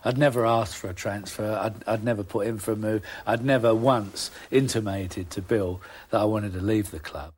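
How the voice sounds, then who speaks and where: A man with a low-pitched voice looks back on his playing days in an archive interview. He talks in a reflective, hesitant way, pausing as he searches for his words. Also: darkish tone, slightly rough. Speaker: former footballer.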